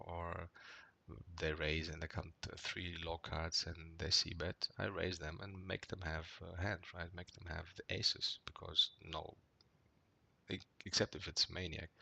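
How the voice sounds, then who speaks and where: Low gravelly man rambling through poker hands. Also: flat delivery, measured pace, sharp tone. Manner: rambling, frequent "right?" tags and fillers; gets worked up and swears when annoyed. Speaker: poker player reviewing his hands. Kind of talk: casual commentary over gameplay.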